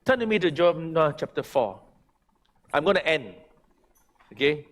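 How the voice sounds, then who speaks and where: Preaching pastor, shouting then hushed. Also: male voice, on the high side, very animated, normal speed. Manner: preaching with big swings from shouting to hushed pleading. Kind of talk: sermon. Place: church sanctuary.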